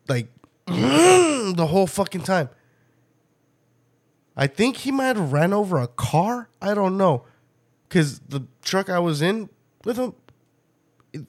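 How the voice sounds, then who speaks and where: A man hosting a podcast, telling a story in a loose, profane, animated way and often breaking into laughter. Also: high voice, measured pace, long pauses. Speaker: podcast host. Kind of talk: casual storytelling chat.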